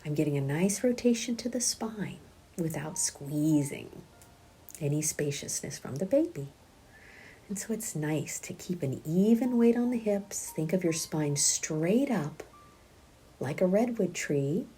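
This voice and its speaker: Slow, mellow-voiced woman guiding yoga. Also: sits low. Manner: gentle, soft-spoken, often breathy and half-whispered; counts breaths aloud in steady cues. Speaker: prenatal yoga teacher. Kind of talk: guided yoga class instruction.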